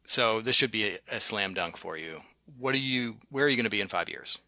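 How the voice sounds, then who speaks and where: An interviewer with a bright, forward tone asks questions in a relaxed, friendly way. The sound is dry and close, with no room echo. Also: mid-range voice, fairly quick. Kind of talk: casual interview.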